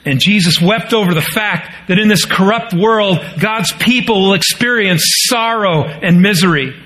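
At a normal speed, a man preaches as pastor, swelling into pleading quoted lines and settling low and soft for solemn points.

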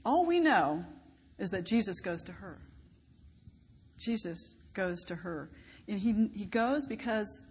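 A woman pastor preaching a sermon, expressive and emphatic, lifting her voice on key words. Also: lowish voice, breathy edge. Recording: long reverb of a large hall, faint background noise.

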